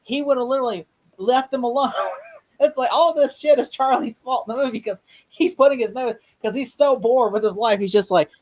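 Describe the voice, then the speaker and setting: A podcast co-host retelling a movie scene in a casual review chat, rambling excitedly and laughing often. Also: mid-range voice, a little fast.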